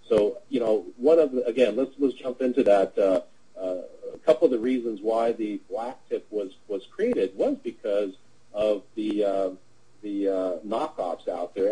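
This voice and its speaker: A middle-aged man hosts a webinar and tells a sales story in a casual, meandering way. His voice is low, mellow and a little husky. He keeps stumbling through fillers and restarts. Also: poor audio. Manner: rambling with frequent fillers and restarts. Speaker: webinar presenter. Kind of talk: casual anecdotal sales talk. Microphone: webinar audio.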